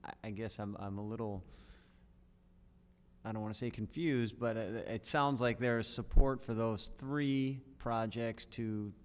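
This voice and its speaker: A man's voice: on the low side, steady tone, measured pace, clean tone. A man alderman speaking hesitantly at a council meeting, restarting his sentences. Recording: long reverb council chamber audio.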